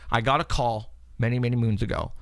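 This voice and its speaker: A paranormal investigator hosting a talk show tells stories in a casual, animated way, acting out phone calls with the voices of the people he quotes. His mid-range voice carries vocal fry, he talks a little fast, and there's no room sound.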